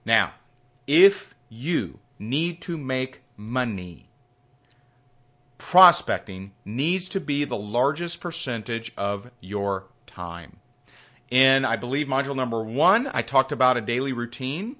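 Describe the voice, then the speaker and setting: A man's voice: mid-range voice, very animated, takes it slowly, bright, forceful tone. A man instructing a recorded sales course in an emphatic, hyped and repetitive way.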